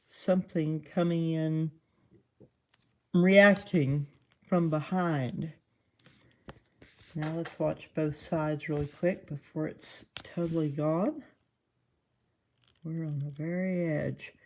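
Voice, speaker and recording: Hosting a casual live commentary, a twangy Southern American woman speaks slowly in a low, dark voice with long pauses. She's chatty and self-deprecating, and laughs a lot.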